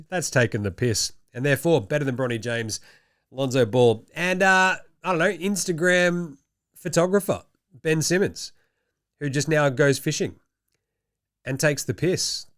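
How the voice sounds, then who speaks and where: Irreverent Australian man, slightly high voice. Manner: irreverent, sweary, jokey. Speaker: basketball show host. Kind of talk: casual sports commentary.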